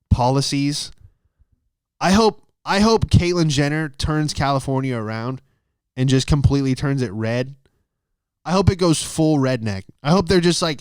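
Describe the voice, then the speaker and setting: A man's voice: medium pitch, smooth, dry recording, studio quality. A man doing a casual comedy monologue on his podcast. He talks in a rambling, profane way and keeps losing his train of thought. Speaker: stand-up comedian and podcast host.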